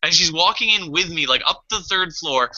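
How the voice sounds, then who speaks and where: A man co-hosting a podcast tells a story in loose casual chat, swearing freely and acting out his own past panic. His voice sits a little high and sounds bright and sharp. The recording is dull and lo-fi. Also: lively intonation, moderate pace. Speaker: podcast co-host.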